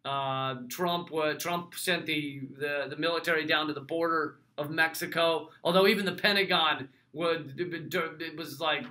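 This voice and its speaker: A man hosting a casual show, answering viewer questions in a wry, sarcastic way with quick restarts and asides. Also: on the high side, steady tone, pushed and bright. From United States. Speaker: host.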